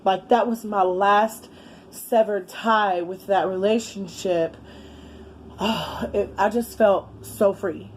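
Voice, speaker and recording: A woman's voice: mid-range voice, fairly even intonation, takes it slowly, poor audio. A woman in her thirties telling a long, rambling story to her viewers, candid and full of swearing and fillers. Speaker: vlogger. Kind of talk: casual story time while eating. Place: indoors with a fan running. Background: faint fan hum.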